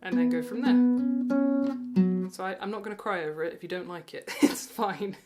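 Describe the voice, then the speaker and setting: A slightly low-voiced woman talks learners through a guitar part, counting beats aloud. She is encouraging and often chuckles at herself. A loud, clear guitar plays under her voice. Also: normal speed. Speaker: guitar teacher. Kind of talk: online guitar lesson. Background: guitar playing.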